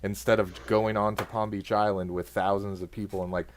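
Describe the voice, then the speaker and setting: A man's voice: on the low side, little pitch movement, fairly quick, slight background noise. A man telling a rambling story in casual chat, full of fillers and restarts.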